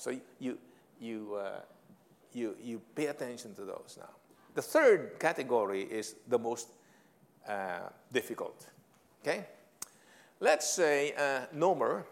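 A man's voice: mid-range voice, gravelly. A man with a Filipino accent giving a management lecture, switching between English and Tagalog and putting questions to the audience. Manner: code-switching, animated, asks the audience questions. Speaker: leadership trainer.

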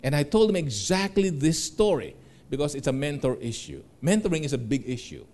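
A middle-aged man holds the floor at a motivational seminar. His voice sits a little high and rises and falls widely as he tells animated stories, laughing along and acting out the people in them. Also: brisk. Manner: animated, laughs while telling stories, acts out voices in quotes. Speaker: seminar speaker. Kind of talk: motivational storytelling talk.

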